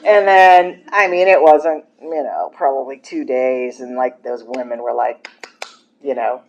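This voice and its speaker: A middle-aged woman speaking to a recovery meeting, telling her story in a chatty, animated way, acting out what she said back then with lots of "like"s. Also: sits low, unhurried, highs cut off, slight background noise. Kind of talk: personal recovery talk at a meeting. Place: meeting room with low ceiling.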